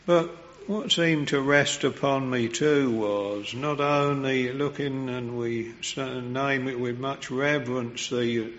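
A man preaching a sermon at a slow, unhurried pace, reverent and earnest. His voice is of middling pitch. The recording sounds muffled and lo-fi. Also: steady tone, a bit bright.

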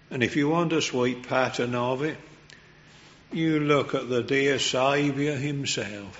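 Slow, reverent preacher man. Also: medium pitch, lo-fi sound. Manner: slow, reverent and earnest, rising in fervour. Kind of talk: sermon.

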